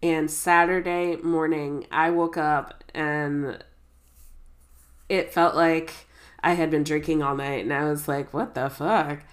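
Stuffy nasal lady co-hosting a podcast, kinda low voice, slow rambly chat, lots of restarts. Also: steady tone. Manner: unhurried, rambling, self-interrupting. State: congested head cold. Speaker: podcast co-host. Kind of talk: casual chat.

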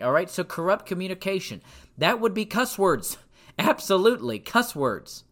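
A man teaching from the Bible in a sermon style, emphatic, repeating phrases for stress and reading verses slowly. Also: high voice, sing-song, fairly bright tone. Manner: reads scripture slowly and deliberately.

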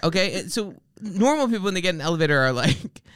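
A man's voice: sits high, fast talker, clean tone, dry recording, clean studio sound. A man hosting a podcast, telling ranting comic stories in casual chat, swearing freely and mimicking the people in them. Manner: animated storyteller, mimics people in his anecdotes. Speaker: podcast host.

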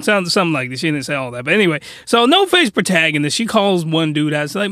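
A young man recapping an anime comedically, slangy and animated with mock outrage. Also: a little high, fast talker, dry recording, clean studio sound. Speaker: anime reviewer.

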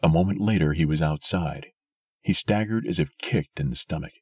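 A man narrating a story aloud in a steady, measured way. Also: low voice, breathy edge, no echo. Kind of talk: scripted audiobook narration.

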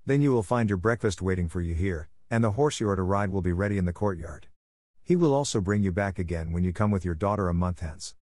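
A stern beast master of an enchanted palace, grim and commanding in every word, as a male narrator puts him on. The voice sits low and is recorded dry and close, with no room around it. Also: fast talker, a little mellow, no echo. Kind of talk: audiobook character reading.

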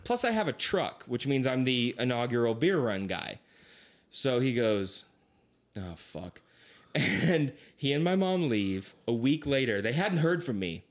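A young man telling a long story in casual chat, acting out voices as he goes. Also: unhurried. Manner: animated, acts out quoted voices with big pitch swings.

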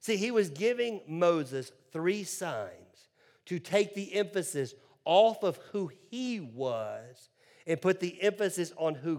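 A man's voice: on the high side, darkish tone. A male pastor preaching a sermon in a humorous, conversational way with joking asides.

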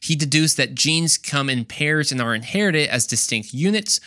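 A man's voice: a little high, lively intonation, moderate pace, pushed and bright, no echo, clean studio sound. A young man hosting a Christian podcast, talking casually with jokey, slangy asides. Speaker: podcast host.

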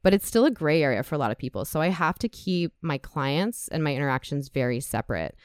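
Brief: frank, heartfelt woman guest, clear resonant voice, dry close sound. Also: low-pitched, animated, quick pace, dry recording. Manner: candid, emotional, gets choked up. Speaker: podcast guest, sex educator. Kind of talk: casual podcast conversation.

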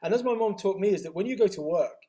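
A man's voice: sits high, fast. A man being interviewed, telling stories energetically with lots of restarts and laughs. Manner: energetic, animated storytelling with frequent restarts. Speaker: guest, health author and retreat owner. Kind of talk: casual interview chat.

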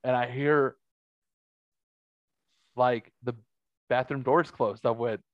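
A man hosting a casual podcast, an animated storyteller who laughs often and swears freely. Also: medium pitch, slow pace, dry recording, muffled recording. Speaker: podcast host.

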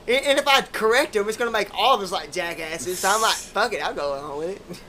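A man's voice: high-pitched, animated, quick pace, a crowd in the background. A man, hosting a podcast and telling rambling, profane stories in casual chat. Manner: profane, rambling, laid-back drawl.

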